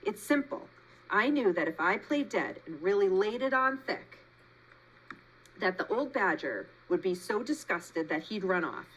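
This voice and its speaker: A woman's voice: unhurried, low-quality recording. A woman voicing a chatty, dramatic female possum who loves to perform, in a storybook read-aloud. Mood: theatrical. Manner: gushing, showy, high and lively.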